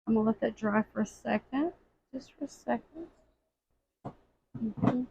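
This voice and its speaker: A woman's voice: on the high side, measured pace, gravelly, mellow, husky, rough recording. A woman chatting her way through a floral craft tutorial, repeating little phrases as she works at a table.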